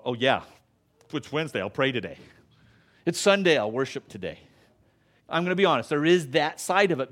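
A middle-aged male pastor preaching a sermon in church, earnest, rising in emphasis then dropping soft, closing in prayer. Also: high-pitched. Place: church sanctuary.

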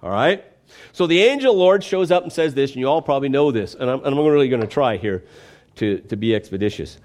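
A man's voice: medium pitch, expressive, brisk, a little mellow. A man preaching a conversational, emphatic sermon, often checking in with the congregation.

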